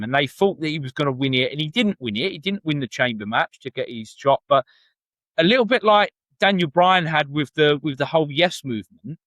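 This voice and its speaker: A man's voice: fairly high pitch, fairly bright tone, dry recording. A man from England co-hosting a wrestling podcast, chatty and enthusiastic in casual conversation. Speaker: podcast co-host. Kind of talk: casual chat.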